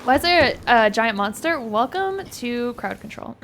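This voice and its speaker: A young woman streaming a game live, excitable and laughing often, swearing freely and using casual gamer slang. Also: a little high, moderate pace, few pauses, slight background noise. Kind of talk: live-streamed gameplay chat.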